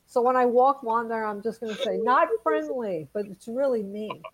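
A woman's voice: on the high side, steady tone, fairly quick, noisy background. A woman co-hosting a casual chat show, telling light stories in a chatty, giggly way. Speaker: podcast co-host.

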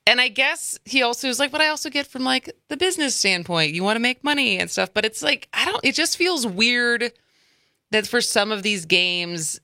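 A woman's voice: a little high, animated, normal speed, bright, forceful tone, dry recording. A woman co-hosting a talk radio show, chatting casually and rambling with frequent laughs. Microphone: studio microphone.

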